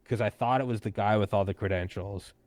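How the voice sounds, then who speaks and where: A man's voice: lowish voice, brisk, no echo. A man in his thirties, a podcast host, telling a story in casual conversation, swearing freely and acting out the people he quotes. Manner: animated, profane, acts out quoted people; frequent "like" fillers and restarts.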